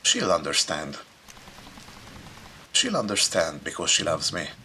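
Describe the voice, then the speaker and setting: A man's voice: low-pitched, huge pitch swings, measured pace, sharp tone, a little hiss or hum, heavily acted. A man voicing a frightened young girl in a game, speaking in a pleading, tearful way. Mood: hopeful.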